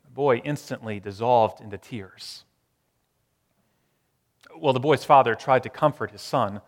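Man preaching with hushed dramatic pauses. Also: medium pitch, big-room sound. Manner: dramatic shifts from loud to hushed, slow emphatic repetitions. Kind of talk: sermon.

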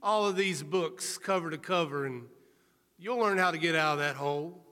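A man's voice: fairly high pitch, moderate pace, pushed and bright. A preacher voicing a self-assured educated man who offers help to someone in a hole. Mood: kindly. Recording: reverberant hall.

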